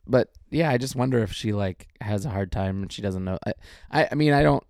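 Low gravelly guy rambling about movies, dry close mic, lots of restarts. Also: brisk, dry recording. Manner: rambling, animated, many restarts. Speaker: podcast co-host. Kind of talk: casual chat about movies.

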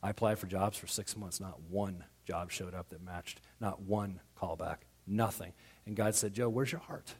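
A man preaching a sermon as pastor, animated and quick to act out what others say, often restarting his words. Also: low-pitched, breathy edge. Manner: animated, acts out quoted voices, frequent stammered restarts.

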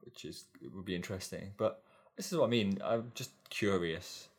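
A man's voice: sits low, moderate pace, gravelly. A man co-hosting a podcast, chatting casually and musing in a hesitant way that repeats words. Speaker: podcast co-host. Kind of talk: casual chat.

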